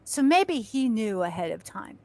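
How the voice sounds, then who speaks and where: A woman, a guest actress and stuntwoman, telling animated stories and acting out shouts and screams with frequent laughter. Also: fairly high pitch, measured pace, dry recording. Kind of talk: animated storytelling.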